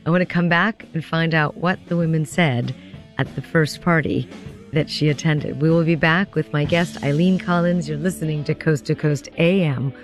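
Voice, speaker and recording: A woman hosting a radio talk show, engaged with her guest and brisk when going to a break. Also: sits low, faint music behind.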